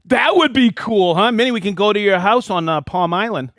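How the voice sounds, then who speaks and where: A man hosting a weekly live stream, reading out viewers' names and hometowns with excitement. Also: high voice, brisk, dry recording, clean studio sound. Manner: lively, reads viewer names and places with excitement. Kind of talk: live stream shout-outs.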